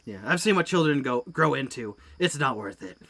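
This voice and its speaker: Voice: medium pitch, lively intonation, fairly quick, a bit bright. A player in a tabletop game who speaks politely and dryly, in short replies. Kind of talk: casual tabletop game talk.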